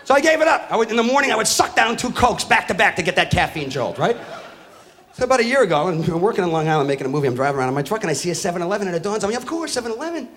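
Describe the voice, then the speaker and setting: A man's voice: high voice, lively intonation, very fast. Profane ranting male stand-up comic. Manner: profane ranting with rising shouted outbursts. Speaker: stand-up comedian. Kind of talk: stand-up comedy routine. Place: live comedy venue with an audience. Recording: live stage recording with faint crowd and noise.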